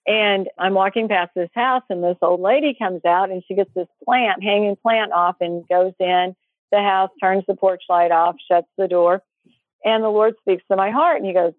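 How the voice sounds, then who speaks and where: A woman tells a personal faith story in a relaxed, animated way, slipping into the voices of the people in it. Her voice arrives over a thin, phone-like line with no room sound at all. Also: medium pitch, no room sound. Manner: animated, acts out quoted voices. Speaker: guest storyteller. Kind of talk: casual testimony storytelling. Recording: tinny phone line, dry.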